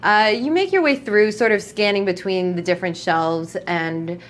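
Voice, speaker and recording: A woman's voice: medium pitch, moderate pace, a little hiss or hum. A woman narrating a tabletop game as game master, in loose, rambling description with many fillers.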